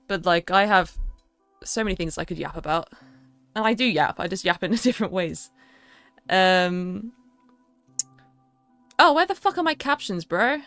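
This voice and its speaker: A woman's voice: on the low side, expressive, unhurried, pauses often, a bit bright, no echo, soft background music. A young woman with a southern English accent, chatting casually and rambling with a lot of fillers on a livestream. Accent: southern English, London area. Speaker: streamer.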